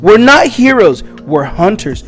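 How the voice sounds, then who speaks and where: A man's voice: sits high, very animated, quick pace, darkish tone, soft background music. A man voicing an arrogant male hunter superior who lectures in a haughty, harsh way while recapping a comic.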